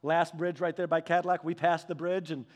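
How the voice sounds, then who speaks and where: A middle-aged man with a notably high-pitched voice delivers a sermon in a loose storytelling way. He chuckles through his anecdotes and often restarts mid-sentence, keeping the tone playful. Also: fairly quick, muffled recording. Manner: animated, humorous storytelling with frequent laughs and restarts. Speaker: pastor.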